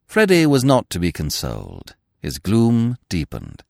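A man narrating a classic comic novel in a measured, wry manner. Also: on the low side, wildly swooping pitch, vocal fry, a little mellow, no echo, studio quality. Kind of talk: storybook narration.

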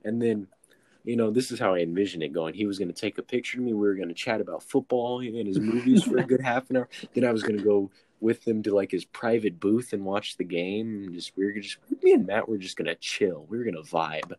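A man's voice: lowish voice, expressive, quick pace, darkish tone, no echo. A young man from Texas, telling a self-mocking story in casual chat and acting out the quotes.

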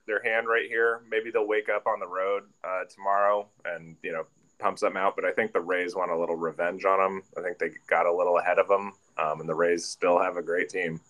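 Deep-voiced guy on a sports podcast, rambly, keeps backtracking, easygoing chat. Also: steady tone, brisk, fairly bright tone. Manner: rambling, self-correcting, jokey. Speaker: podcast co-host.

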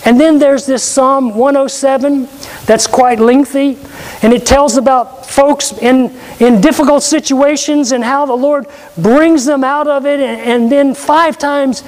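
A man's voice: extremely high pitch, steady tone, measured pace. A man preaching a sermon, earnestly quoting scripture and asking rhetorical questions. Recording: long hall reverb.

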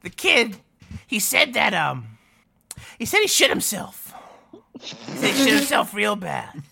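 Man, tabletop player, joking, gravelly, bright. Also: high voice, sing-song, measured pace. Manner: joking, laughs often. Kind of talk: in-character table talk.

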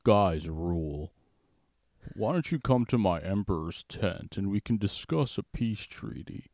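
A smug, leering god-king emperor, played by a man purrs his offers in a very deep voice. The delivery is slow and suggestive, in the style of an improvised comedy bit. The recording is close and dry. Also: expressive, darkish tone, dry recording, full character voice. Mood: seductive. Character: lewd, seductive male god-king emperor.

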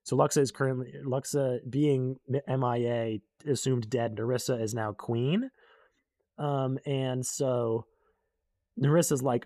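A man's voice: medium pitch, steady tone, measured pace, warm tone, no room sound. A young man casually recapping a book in a rambling way, full of fillers, and briefly acting out the characters he quotes.

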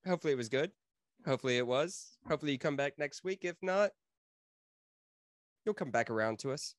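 A man's voice: mid-range voice, lively intonation, fast talker, dry recording, studio quality. A man co-hosting a casual podcast, tipsy and ranting with lots of swearing. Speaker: podcast co-host. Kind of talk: casual chat.

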